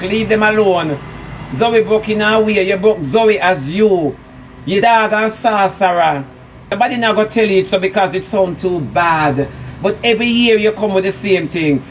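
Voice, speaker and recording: A man with a Jamaican accent ranting on a live stream, mocking and scolding with sarcasm. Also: sits high. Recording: distant mic with loud background noise.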